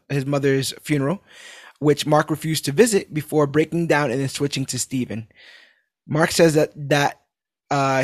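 A man with a somewhat high voice hosts a casual chat, rambling and animated as he goes. He swears freely. The recording is dry and close. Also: dry recording.

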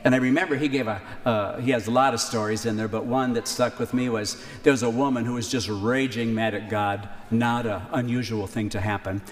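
A man preaching a sermon, conversational, with key lines repeated slowly for emphasis. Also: mid-range voice, fairly even intonation. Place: church. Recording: reverberant church hall, faint ambience.

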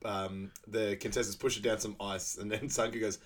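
A man co-hosting a podcast, chatting casually as he recaps a movie, breaking into loud, high voices for quotes and laughing often. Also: fairly even intonation, normal speed. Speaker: podcast co-host.

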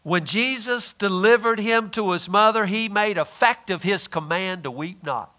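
In this sermon, a man with a high voice and sharp tone asks the congregation questions only to answer them on his own. Now and then he drawls a phrase slowly for emphasis.

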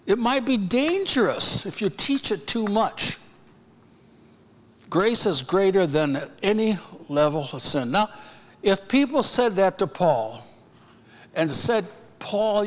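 Male pastor preaching, high lively voice, gets loud and fired up, long echo in the church. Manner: excited, raises his voice and pounds the pulpit. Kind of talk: sermon. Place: church sanctuary. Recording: church hall with long reverb.

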